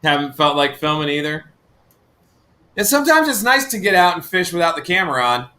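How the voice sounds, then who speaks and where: A man's voice: on the high side, sing-song, a little fast, pushed and bright. A man co-hosting a live stream, rambling in casual chat with lots of fillers. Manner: rambling, full of fillers and restarts, laughs easily.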